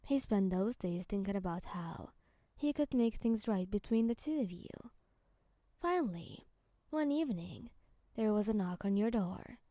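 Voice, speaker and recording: A woman narrating a second-person fan story in a soft, calm, even reading voice. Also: medium pitch, unhurried, no room sound, clean studio sound.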